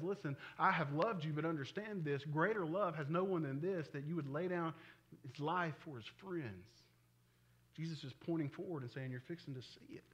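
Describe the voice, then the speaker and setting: High, forceful pastor. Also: male voice, muffled recording. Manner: conversational, animated preaching with frequent chuckles. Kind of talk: sermon.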